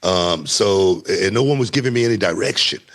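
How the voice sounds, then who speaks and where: A middle-aged man, a former wrestler telling stories as a guest in a casual interview, animated and often laughing. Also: normal speed. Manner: animated, laughing storyteller with wide pitch swings.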